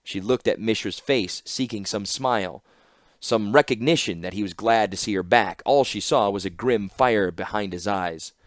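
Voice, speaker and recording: A man narrating an audiobook in an expressive storytelling style. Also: fairly low pitch, normal speed, dry recording, clean studio sound. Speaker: audiobook reader.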